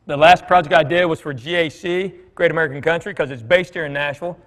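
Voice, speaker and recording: A man's voice: a little high, fairly even intonation, fast talker, fairly bright tone. A middle-aged man, a comedian, telling stories to a church congregation in a conversational, joking way with fillers and asides. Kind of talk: storytelling talk to a congregation. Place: church hall with an audience. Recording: long reverb from a large church hall.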